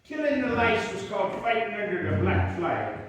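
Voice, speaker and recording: A man's voice: high-pitched, huge pitch swings, normal speed, a little hiss or hum. A man performing Civil War stories for a live audience, folksy and joking as he chats between songs. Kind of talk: storytelling with sung songs. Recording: echoey hall from far off, with guitar.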